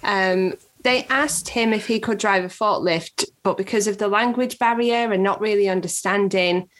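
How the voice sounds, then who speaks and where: Podcast lady, blunt and sweary, ordinary middle pitch, chatting and reading out stories. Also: moderate pace, a bit bright, low-quality recording. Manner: blunt, swears casually, laughs between lines. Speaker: podcast co-host. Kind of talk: casual chat, reading out stories.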